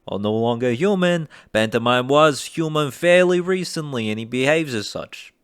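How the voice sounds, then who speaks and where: A man putting on an East Coast American accent to play a brash city guy, talking in a loud, pushy way. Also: mid-range voice, expressive, moderate pace, smooth, no room sound, studio quality, pitched above the performer's own voice, lightly acted. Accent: put-on East Coast American.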